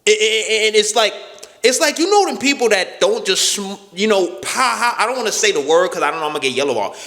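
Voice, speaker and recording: High-voiced animated man telling a story. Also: fast. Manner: animated, profane, repeats "right?" and "boom". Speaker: storyteller vlogger. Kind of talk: casual storytime monologue. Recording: echoey room with long reverb.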